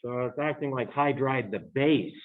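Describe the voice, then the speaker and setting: A man's voice: medium pitch, normal speed. A man lecturing on chemistry to students in a chatty way, with joking asides. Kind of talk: recorded lecture. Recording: tinny phone-like lecture audio.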